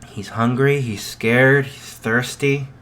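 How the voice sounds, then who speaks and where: A man improvising a story aloud, unhurried, with frequent fillers and restarts. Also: medium pitch, fairly even intonation, fairly bright tone.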